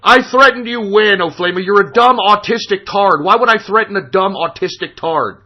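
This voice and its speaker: A man's voice: sits high, moderate pace, lo-fi sound. A man hosting a talk radio show, arguing heatedly with a caller, combative and profane, often talking over him. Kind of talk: heated on-air argument with a caller.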